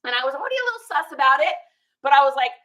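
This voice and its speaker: A woman reseller telling a story in casual chat while showing her garage sale finds, animated and laughing as she acts out the people she met. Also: high-pitched, very fast, rough recording.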